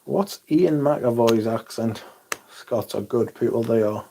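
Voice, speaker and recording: A man's voice: medium pitch, a little slow, creaky, warm tone, a little hiss or hum. Casual, chatty man hosting a livestream. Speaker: livestream host. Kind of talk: casual livestream chat, reading out viewer comments.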